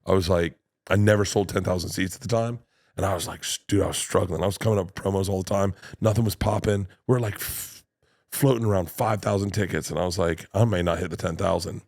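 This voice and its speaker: A comedian guest on a podcast, a man with a low voice who talks fast, tells stories in casual conversation. He's animated, acts out quotes, and swears freely.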